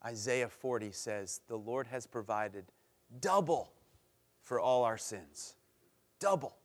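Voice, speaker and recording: A man preaching to a men's group, telling a story with lively voices and closing in a soft, earnest prayer. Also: fairly low pitch, measured pace.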